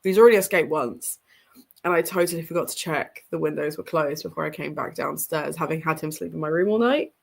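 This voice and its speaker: A woman's voice: low voice, fairly quick, creaky. A young woman hosting a reading livestream from home, sounding stuffy and congested, chatting in a rambling way with lots of ums and small laughs. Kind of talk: casual livestream chat. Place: home room with bookshelves behind her.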